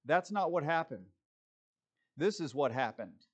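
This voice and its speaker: Male pastor, higher voice, impassioned and sarcastic in casual commentary. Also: animated, unhurried.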